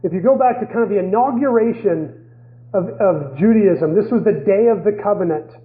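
A man's voice: high-pitched, moderate pace. A man giving a teaching sermon in a loose, conversational way, often hedging with "kind of.". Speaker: preacher. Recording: echoey, phone-like radio broadcast.

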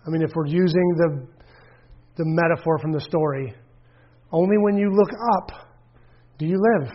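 A man's voice: on the high side, steady tone, moderate pace, dull audio. A man preaching a conversational sermon, searching for words and acting out the voices he quotes. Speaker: pastor. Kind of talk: sermon with audience questions.

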